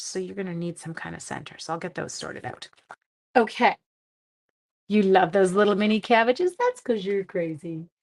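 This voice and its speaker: Chatty middle-aged woman crafting live. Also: medium pitch. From Canada. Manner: chatty, self-deprecating, talks to viewers' comments. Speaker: papercraft live-stream host. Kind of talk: casual live-stream chat while crafting. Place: home craft room.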